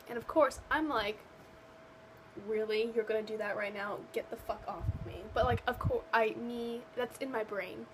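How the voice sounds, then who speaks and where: A woman's voice: on the high side, slight background noise, low-quality recording. A young woman ranting to camera in a vlog, exasperated and sarcastic, rambling with lots of fillers. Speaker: vlogger. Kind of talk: casual rant to camera.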